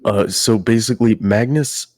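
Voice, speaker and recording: Deep-voiced man playing a tabletop game. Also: normal speed, darkish tone, dry recording, clean studio sound. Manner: hesitant, explaining with fillers. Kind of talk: casual chat describing his character.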